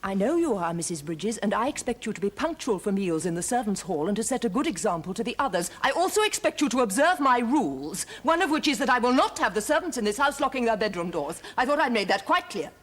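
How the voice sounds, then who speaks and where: An actress playing a firm, formal lady of the house, speaking in a slightly husky voice. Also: a little high, very animated, fast talker, hardly any pauses. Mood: stern. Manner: commanding, formal, then gently consoling. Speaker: mistress of the household. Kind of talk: period television drama.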